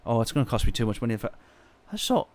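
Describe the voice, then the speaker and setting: A man's voice: medium pitch, very animated, racing. Exasperated man ranting on a stream. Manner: ranting, exasperated storytelling with sudden loud outbursts. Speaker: sim-racing streamer. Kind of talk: casual live-stream chat.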